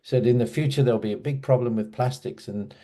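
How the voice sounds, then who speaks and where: A man's voice: mid-range voice, quick pace, dark tone. A man casually telling a personal memory in an interview, hesitant, with many restarts and fillers. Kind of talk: casual storytelling.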